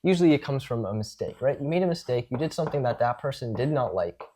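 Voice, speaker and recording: A man's voice: medium pitch, lively intonation, fast talker, dark tone, a little hiss or hum. A man teaching social skills in a casual spoken lecture, talking things through and demonstrating tones of voice.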